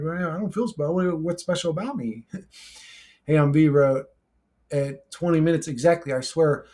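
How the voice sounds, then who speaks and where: A man's voice: mid-range voice, a little mellow. Brash, profane man reading comments. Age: 40s. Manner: brash, profane, laughs often. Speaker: YouTuber reading viewer comments. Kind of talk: casual comment-reply monologue.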